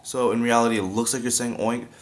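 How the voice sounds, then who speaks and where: A man's voice: medium pitch, little pitch movement, quick pace. A young man chatting casually as he teaches beatbox sound effects, breaking off to demonstrate mouth sounds. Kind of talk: casual video tutorial.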